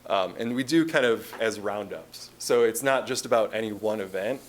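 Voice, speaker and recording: In a council meeting chamber, a man with a Chicago accent and a fairly low voice presents a tourism marketing plan at a moderate pace. He keeps it conversational, often restarting sentences and leaning on fillers, with slight background noise present.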